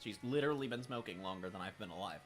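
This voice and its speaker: A man streaming a racing management game, talking casually with a raspy, smoker-like voice, swearing and making wry remarks as he thinks aloud. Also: fairly low pitch, expressive, fast, background noise. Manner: profane, wry, thinking aloud while playing. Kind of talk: casual live-stream commentary.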